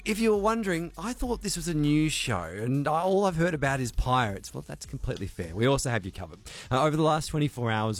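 A man hosting an afternoon radio drive show, playful and chatty. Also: medium pitch. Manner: playful, chatty, self-correcting. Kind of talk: upbeat radio presenting.

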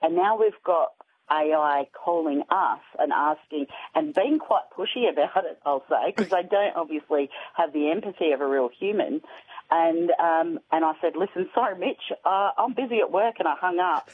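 A woman's voice: sits low, moderate pace, breathy edge. A woman with an Australian accent, telling a story as a guest on a radio show. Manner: chatty storytelling. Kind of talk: casual chat. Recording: tinny phone line.

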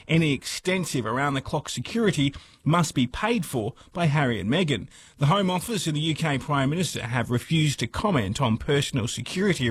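A man, a foreign correspondent, delivering a brisk, clipped news report. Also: fairly high pitch, a little hiss or hum.

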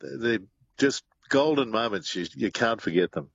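A man's voice: medium pitch, animated, moderate pace, vocal fry, breathy edge, no room sound, lo-fi sound. An older man co-hosting a talk radio show, reflective and thoughtful. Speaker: radio co-host. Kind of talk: talkback radio chat.

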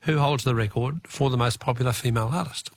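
An Australian man hosting a talkback radio quiz, chatty and quick to laugh, repeating the question for each caller. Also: mid-range voice, gravelly, a little hiss or hum.

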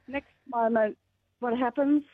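An older woman, calling in to tell a lively story on a radio show, laughing often. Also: a little high, takes it slowly, dry recording. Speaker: caller. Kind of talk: telling an anecdote on radio call-in. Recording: tinny phone line.

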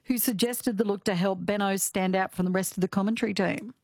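A woman hosting a radio quiz show, lively and quick to laugh. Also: medium pitch, no room sound, clean studio sound.

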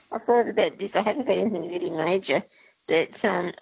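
A woman calling in to a radio quiz, thoughtful and quick to laugh. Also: fairly low pitch, vocal fry, darkish tone, slightly rough, dry recording, muffled recording. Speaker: quiz caller.

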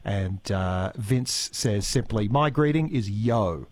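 A man's voice: fairly low pitch, expressive, takes it slowly, no room sound. Cast: Australian man, talk radio host, chatty and rambling, dry booth. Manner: chatty, with frequent fillers and restarts. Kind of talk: live talk radio hosting. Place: radio studio. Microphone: studio mic.

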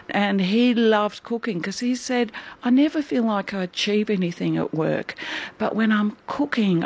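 A woman's voice: on the low side, vocal fry. A middle-aged woman artist, interviewed in her studio, explaining her work in a thoughtful and earnest way. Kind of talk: interview answers.

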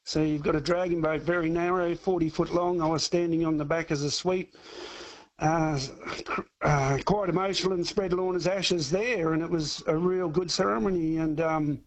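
A higher-pitched man on a call-in line, speaking in a halting way and breaking off mid-sentence with plenty of ums and restarts as he tells his story. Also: steady tone, rough recording. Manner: halting, with many fillers and restarts. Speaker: caller. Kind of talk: casual call-in chat.

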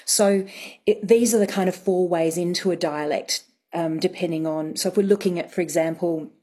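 A woman's voice: fairly low pitch, normal speed, dark tone, husky. A woman, a dialect coach, explaining accent work in an articulate, teacherly way. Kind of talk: explanatory guest interview.

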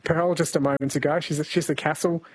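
Chatty kiwi guy hosting radio, bit husky, pitched a touch high. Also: fairly even intonation, fast talker, no room sound. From New Zealand. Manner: chatty, laughs easily, reads texts aloud. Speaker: radio quiz host. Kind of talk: casual radio chat. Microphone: studio microphone.

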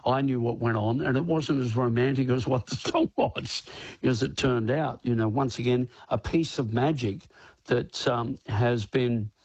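A man in his sixties chats about his music in a radio studio. His husky voice wanders through stories, packed with fillers and quick laughs. The sound is dry and close. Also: mid-range voice, darkish tone, no room sound. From Australia. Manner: rambling, many "you know" fillers, laughs often. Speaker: band's lead singer, guest. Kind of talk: radio interview, casual storytelling.

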